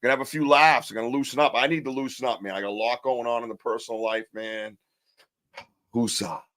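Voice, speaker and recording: A man's voice: medium pitch, quick pace, fairly bright tone. Joking, rambling New man host. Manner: loose, joking, rambling with slang. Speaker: podcast host. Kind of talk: casual live-stream chat.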